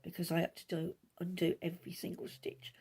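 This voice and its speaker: A middle-aged woman hosting a knitting podcast, chatting casually in a rambling, quick way with many asides, recorded at home on a camera mic. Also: lowish voice, completely flat delivery, a little mellow, husky. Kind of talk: casual chat.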